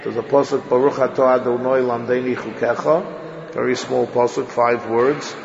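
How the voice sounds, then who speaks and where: Gravelly man teaching in an echoey hall. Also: mid-range voice, fairly even intonation, dull audio, a crowd in the background. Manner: demonstrative, repeats and sounds out words slowly. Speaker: religious teacher. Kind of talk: classroom lecture on Hebrew text.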